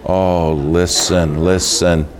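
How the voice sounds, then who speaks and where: A man's voice: deep voice, little pitch movement, drawn-out words. A man preaching a sermon, telling folksy stories and asking the audience questions.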